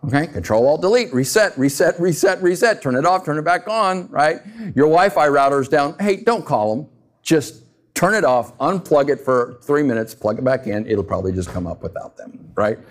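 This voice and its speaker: A man pastor delivering a sermon in a lively, swooping voice that sits a little high. He talks conversationally, drops in rhetorical questions, and keeps the congregation engaged. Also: moderate pace.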